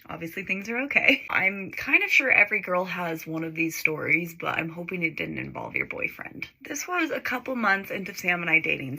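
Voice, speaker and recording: A woman's voice: fairly low pitch, bright, forceful tone, breathy edge. A woman in her twenties telling a storytime while doing her makeup, chatty and full of "like" fillers, giggling now and then.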